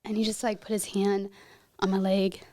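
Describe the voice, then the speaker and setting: A woman's voice: medium pitch, flat delivery, moderate pace, dark tone, no room sound. A young woman, a podcast guest, earnestly retelling a personal story and acting out what each person said. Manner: earnest, vivid retelling that acts out her own and others' words.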